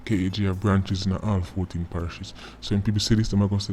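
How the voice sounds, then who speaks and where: A man's voice: low voice, flat delivery, fast talker, darkish tone, a little hiss or hum. A man with a Jamaican accent giving casual, mocking commentary in patois, often tagging his lines with "right?". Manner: mocking, repeating tag words like "right?".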